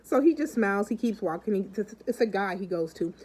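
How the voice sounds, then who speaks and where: Chatty woman vlogger with a mellow voice. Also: medium pitch, expressive, fairly quick, husky, rough recording. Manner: chatty, keeps calling out to the viewers; acts out the people in her stories. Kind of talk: casual chat and storytelling to viewers.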